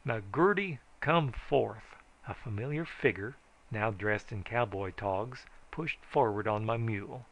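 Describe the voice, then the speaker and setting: A man reading a frontier tall tale aloud as an audiobook, in a folksy first-person telling that rises to shouts for the characters. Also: fairly low pitch, measured pace. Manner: folksy first-person storytelling, raising his voice for shouted lines. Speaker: audiobook narrator.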